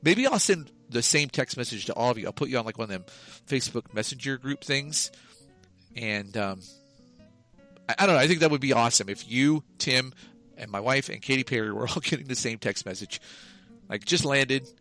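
Man, podcast co-host, bright tone, rambling jokey chat, faint background music. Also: medium pitch, animated, fairly quick. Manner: rambling, profane, jokey storytelling. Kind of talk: casual chat.

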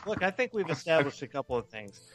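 Loud joking guy cohosting, cusses a lot, faint music behind. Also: a little high, very animated, fast talker. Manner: loud, joking, swears freely. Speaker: co-host. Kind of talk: casual comedic chat.

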